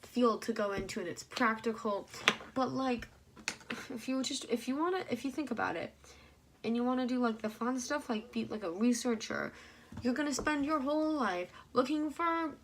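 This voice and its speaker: A young woman vlogging to her channel, animated and rambling with many fillers, heated and frustrated. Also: a little high, normal speed, noisy background. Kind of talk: casual ranting vlog.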